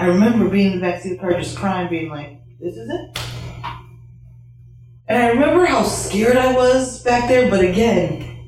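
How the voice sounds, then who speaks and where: A woman's voice: medium pitch, a little mellow. A woman tells a personal story in a blunt, profane, candid way, breaking into laughing asides. Her voice sits in a very echoey room. She is some distance from the mic. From Chicago. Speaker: storyteller on stage.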